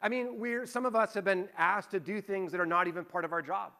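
Middle-aged male pastor, high bright voice, chatty sermon with stories and rhetorical questions. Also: steady tone, brisk, vocal fry. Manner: conversational preaching, rhetorical questions, anecdotes.

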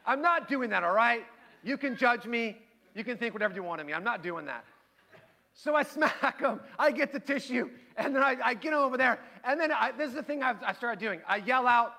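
A middle-aged man preaching a sermon, telling a family story with lively acted-out voices before turning quiet and earnest. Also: very high voice, fairly quick, gravelly. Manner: animated storytelling, acting out his kids and himself. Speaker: pastor.

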